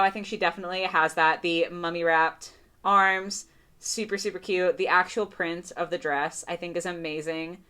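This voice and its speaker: A young woman giving a casual, gushing doll review, full of fillers and excited praise. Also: fairly low pitch. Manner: gushing, chatty, lots of "like" fillers.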